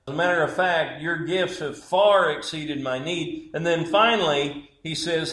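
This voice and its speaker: A man preaching a sermon as pastor, slow and emphatic, with dramatic pauses. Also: on the high side, a bit bright, reverberant, poor audio.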